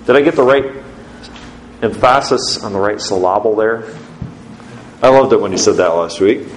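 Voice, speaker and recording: A man preaching a sermon as pastor, putting questions to his congregation in an emphatic, lively way. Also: mid-range voice, a little hiss or hum. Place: church sanctuary. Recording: roomy church echo.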